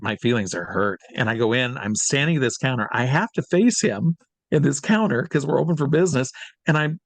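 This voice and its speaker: A man from Iowa telling a long personal anecdote as an interview guest, lively, his voice jumping high when he reenacts scenes. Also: no echo. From Iowa, USA. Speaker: interview guest, hypnotist and magician.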